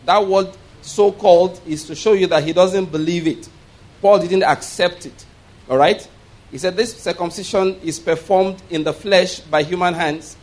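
Speaking at normal speed with fairly even intonation, a high-pitched man delivers a sermon as pastor. He reads scripture, unpacks it line by line, and has the congregation echo words in call-and-response, now and then asking "all right?"

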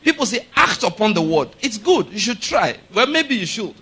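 A male pastor preaching a sermon, emphatic and repeatedly asking the congregation if they follow him, building to loud, forceful declarations. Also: sits high, very animated, normal speed, husky.

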